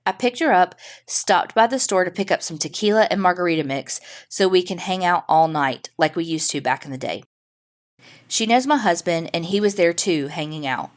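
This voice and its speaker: A woman with a fairly low voice reads a listener's ghost story for her podcast. She builds the tension and slows right down at the scary moments. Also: expressive. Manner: dramatic storytelling with slowed suspense beats. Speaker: podcast host. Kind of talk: reading a listener's story aloud.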